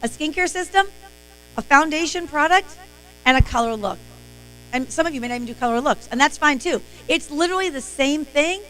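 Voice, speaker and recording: A woman's voice: high voice, brisk, pushed and bright, slight background noise, poor audio. A woman hosting a live-stream sales training, talking in an emphatic, motivational way.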